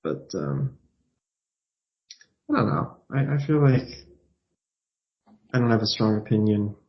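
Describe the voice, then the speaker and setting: A man hosting a podcast in casual chat, measured and dry. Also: on the low side, lo-fi sound. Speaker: podcast host and editor.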